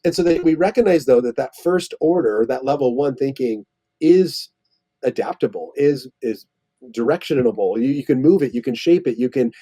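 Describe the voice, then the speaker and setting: Husky man explaining at length. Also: medium pitch, expressive, moderate pace, mellow. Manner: thoughtful, explains at length with restarts. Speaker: interview guest. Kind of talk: conversational interview.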